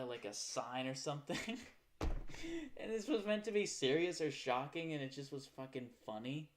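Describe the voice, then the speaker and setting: A man's voice: mid-range voice, a little hiss or hum. Profane rambling male livestreamer. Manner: profane, rambling movie rant. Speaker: live streamer. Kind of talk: casual livestream chat.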